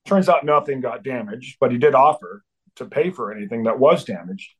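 A man's voice: medium pitch, animated, fairly quick, slightly rough, rough recording. A middle-aged man, a band's drummer, telling a wild tour story as a guest, swearing freely and acting out the voices of the people in it. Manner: swearing, acts out voices in quotes. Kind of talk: animated storytelling.

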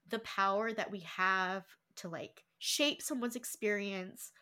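A young woman hosts a book club podcast in a casual chat, speaking slowly in a mid-range voice. She's warm-hearted and emotional, laughs often, and reads quotes aloud.

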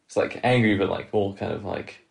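A young man co-hosting a podcast, giving measured opinions in a hesitant way and often repeating his words. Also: sits low, vocal fry. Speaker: podcast co-host. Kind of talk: casual chat.

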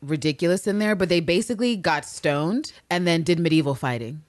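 A woman's voice: on the low side, brisk, no echo, clean studio sound. A woman co-hosting a podcast, chatting casually and animatedly, swearing and acting out characters' lines. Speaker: podcast co-host. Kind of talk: casual recap chat.

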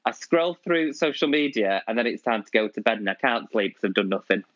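A man's voice: fairly low pitch, expressive, fairly quick, fairly bright tone. Teasing male podcast co-host, dull lo-fi sound. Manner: camp, teasing banter. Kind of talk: casual chat.

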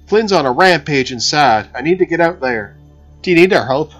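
A man's voice: fairly high pitch, animated, normal speed, a bit bright, faint music behind, voice pushed up. A man voicing a tough, brash woman gunslinger who is a mother, talking urgently. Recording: slightly dull recording.

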